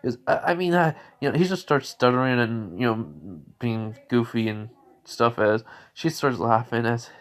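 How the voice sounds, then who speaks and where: A man's voice: mid-range voice, expressive, moderate pace. Guy making up a fan story as he goes, rambly, keeps correcting himself. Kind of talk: improvised fan story narration.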